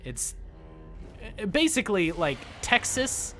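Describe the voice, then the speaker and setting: Speaking slowly in a voice that sits high, a young man from the United States makes casual live-stream chat with his viewers as he games. He's excitable and full of jokes, squealing happily when things turn out well, and faint music plays behind him.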